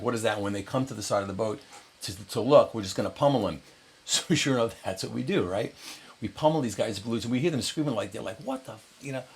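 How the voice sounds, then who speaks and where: A middle-aged man casually telling an anecdote to the camera, animated and jumping into higher voices for quotes. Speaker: storyteller.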